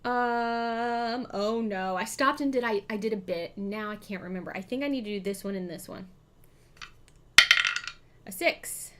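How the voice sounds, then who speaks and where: A woman's voice: mid-range voice, measured pace, background noise. A woman hosting a live board game stream, chatting, thinking aloud about her moves and thanking her chat. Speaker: streamer host.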